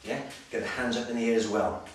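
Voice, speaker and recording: Slightly breathless fitness coach in echoey hall. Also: male voice, medium pitch. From Wales. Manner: brisk, direct coaching with frequent "okay?" check-ins. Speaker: personal trainer. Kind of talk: exercise demonstration instruction. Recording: very echoey, distant, noisy room sound.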